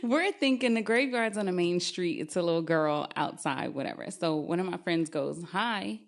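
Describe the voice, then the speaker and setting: A young adult woman telling a true spooky story on a podcast, lively and often laughing as she talks. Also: lowish voice, moderate pace.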